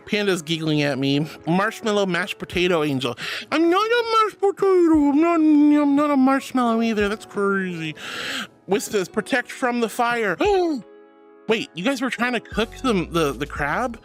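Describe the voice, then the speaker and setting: A woman streaming as a VTuber archangel persona, chatting casually with her viewers in a playful, dramatic way and turning soft and comforting when she consoles them. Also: lowish voice. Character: archangel persona, regal and sweet. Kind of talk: casual livestream chat.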